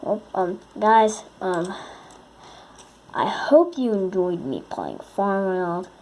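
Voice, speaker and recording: A woman's voice: medium pitch, expressive, slow pace, mellow, a little hiss or hum. Goofy woman gamer, chatty, voice jumps up and down a lot. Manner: playful and silly, hums sound effects, chats to viewers. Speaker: gaming video creator. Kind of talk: casual gameplay commentary.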